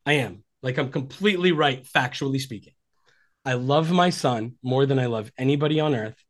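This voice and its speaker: A man's voice: medium pitch, normal speed. A man in his forties, a relationship coach talking earnestly and reflectively on a podcast. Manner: earnest and reflective, acting out quoted dialogue. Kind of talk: conversational podcast interview.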